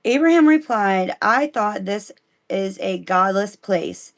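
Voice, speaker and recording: A woman from Missouri reads Bible passages on a casual livestream and keeps breaking off to chat with her viewers. Her voice sits at a middle pitch with a gravelly, creaky texture. Her delivery is relaxed and conversational. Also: slow pace. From Missouri, United States. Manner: chatty, breaks off to talk to viewers, giggly asides. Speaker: live-stream host reading the Bible. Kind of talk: casual live-stream Bible reading.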